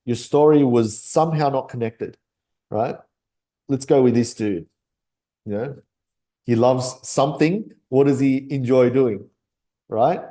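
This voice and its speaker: Male memory coach. Relaxed, mellow tone. Talks casually and keeps checking in with listeners. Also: mid-range voice, a little slow, pauses often. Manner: chatty, keeps asking "right?", laughs often. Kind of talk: casual teaching talk.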